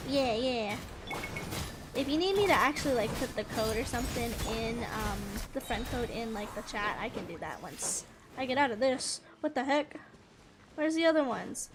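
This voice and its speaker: A woman gaming streamer chatting casually and rambling with frequent giggles as she plays. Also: sits high. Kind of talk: casual gameplay chat.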